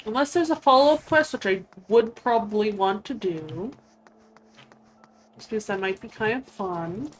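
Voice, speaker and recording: A woman streaming a game, talking quietly to herself with fillers and self-corrections. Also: mid-range voice, expressive, moderate pace, a little hiss or hum. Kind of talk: casual gameplay commentary. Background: faint game music.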